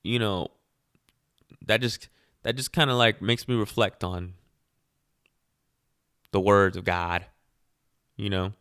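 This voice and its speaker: A man talks through his own podcast in a loose, opinionated monologue, firing off rhetorical questions and laughing at his own asides. His voice sits a little low, and the recording is close and dry with no room sound. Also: level tone, takes it slowly, long pauses, sharp tone, smooth, dry recording. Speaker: podcast host. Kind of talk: casual solo podcast monologue.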